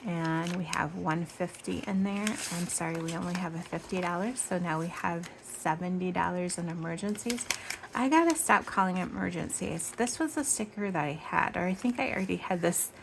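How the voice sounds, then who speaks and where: A woman from Michigan with a low, gravelly voice hosts a casual budgeting vlog. She chats in rambling tangents, corrects herself as she goes, and counts bills out loud. There is a faint hiss behind her. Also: normal speed. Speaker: budgeting channel host.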